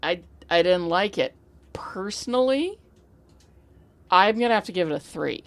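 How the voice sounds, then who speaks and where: A woman co-hosting a casual movie podcast, blunt and animated, swearing freely as she talks. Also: fairly low pitch, unhurried, no echo. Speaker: podcast co-host. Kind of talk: casual chat.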